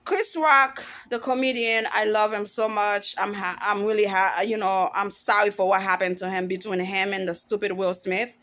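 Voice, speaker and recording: A woman's voice: medium pitch, steady tone, normal speed, few pauses, fairly bright tone. A woman in her forties giving an emphatic, outspoken opinion monologue to camera, often restarting her sentences as she goes. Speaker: vlogger.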